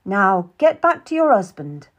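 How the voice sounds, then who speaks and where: A woman voicing a proud, sharp-tongued young noblewoman who speaks in a hard, icy, commanding way. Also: mid-range voice, sing-song, a little slow.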